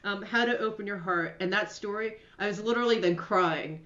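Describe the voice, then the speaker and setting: On a radio show, a woman with a brisk, mid-range, slightly bright voice interviews a guest in a casual chat, gushing emotionally and laughing as she speaks. The recording sounds roomy and a little dull.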